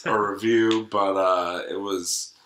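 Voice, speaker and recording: A young man co-hosts a sports podcast, steering the talk and explaining hockey plays. His voice sits low but sounds bright. The room has a noticeable echo. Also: steady tone, takes it slowly, slight background noise. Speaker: podcast co-host. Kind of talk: casual sports chat. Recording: echoey room.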